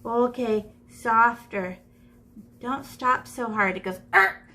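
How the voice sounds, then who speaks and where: A woman's voice: on the high side, slow, bright, forceful tone. A woman art teacher demonstrating shading, chatting playfully and thinking aloud as she draws. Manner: chatty, playful, talks to herself while drawing. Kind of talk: live drawing lesson demonstration. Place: classroom.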